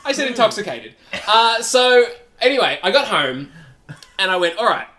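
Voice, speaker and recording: A man with a slightly high, very animated voice tells a long rambling story on a casual comedy podcast. He laughs often and swears freely. His pitch jumps around as he goes. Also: normal speed. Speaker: podcast co-host.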